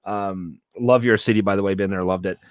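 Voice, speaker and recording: A Canadian man with a fairly low voice chats casually on a podcast. He tells stories with plenty of laughter and the odd curse. The sound is dry and close to the mic. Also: fairly even intonation, brisk, clean tone, dry recording. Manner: laughs often, swears, tells anecdotes. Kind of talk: casual chat.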